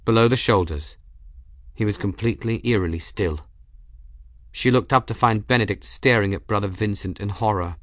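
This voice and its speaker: A man reading a fantasy audiobook in a steady, dramatic storytelling manner. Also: lowish voice, normal speed, dry recording, clean studio sound. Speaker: audiobook narrator. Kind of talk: scripted fantasy narration.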